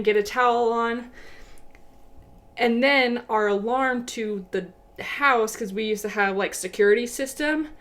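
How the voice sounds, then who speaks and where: A young woman co-hosting a podcast, telling a story in a lively way and laughing often. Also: fairly high pitch. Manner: animated, laughing. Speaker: podcast co-host. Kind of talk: casual storytelling.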